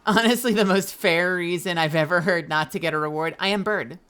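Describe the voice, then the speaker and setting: A woman's voice: fairly low pitch, a little fast, fairly bright tone, clean tone. A woman streamer chatting casually over her gameplay, rambling and jokey and laughing often.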